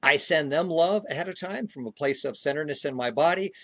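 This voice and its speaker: A man who is a guest on a podcast, telling a personal story in a calm, earnest way. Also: fairly high pitch, fairly quick, dry recording. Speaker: podcast guest, spiritual speaker.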